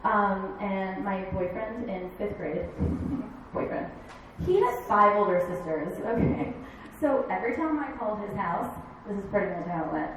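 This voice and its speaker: A woman in her thirties doing a stand-up comedy set, chatty and animated, slipping into quick impressions. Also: medium pitch, noisy background. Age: 30s. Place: bar stage. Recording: echoey bar room from far off.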